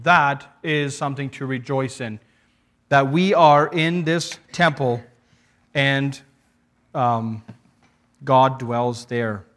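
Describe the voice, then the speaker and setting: A man preaching a sermon earnestly, reading verses aloud and pausing to restart his thoughts. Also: mid-range voice, fairly bright tone. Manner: earnest, with frequent restarts and pauses to read scripture.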